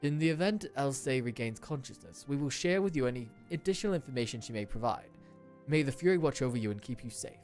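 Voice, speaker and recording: A man's voice: medium pitch, lively intonation, fast, darkish tone, faint music behind, close to an everyday voice. A man voicing a stately noble lord. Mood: courteous. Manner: formal, stately, courteous. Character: dignified older male nobleman lord.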